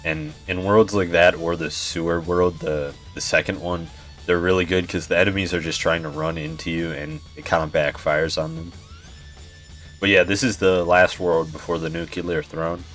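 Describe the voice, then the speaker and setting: A man's voice: low-pitched, steady tone, moderate pace, a bit bright, soft background music. A young man giving laid-back gameplay commentary, swearing often, chuckling and sounding tired. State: yawning, tired. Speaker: gaming YouTuber.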